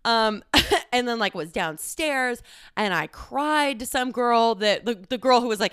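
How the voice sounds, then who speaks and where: A woman's voice: on the high side, lively intonation, measured pace, a bit bright, clear, resonant tone, no room sound, clean studio sound. A woman in her twenties hosting a podcast, telling a story in a chatty, casual way, swearing freely and saying "like" a lot. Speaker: podcast host.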